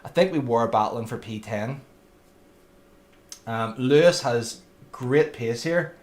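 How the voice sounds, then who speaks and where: A livestreamer with a mid-range voice speaks slowly while commentating his own racing game live. He's chatty, bantering in a friendly way and addressing viewers by name.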